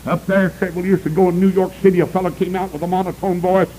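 A man preaching a revival sermon, breaking into sudden high shouted cries and saying "uh" before nearly every phrase. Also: flat delivery, fast talker, a little hiss or hum, rough recording.

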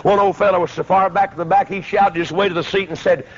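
A man, preaching a folksy storytelling sermon that breaks into shouts. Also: high-pitched, fairly even intonation, fast, background noise. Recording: dull lo-fi old recording.

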